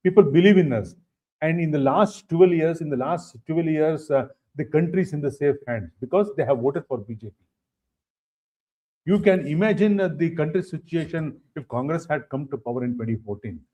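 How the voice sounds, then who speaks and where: A man with an Indian English accent, a political guest answering interview questions in a halting way, full of fillers and repeated phrases. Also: on the high side, lively intonation, mellow. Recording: dull lo-fi stream audio.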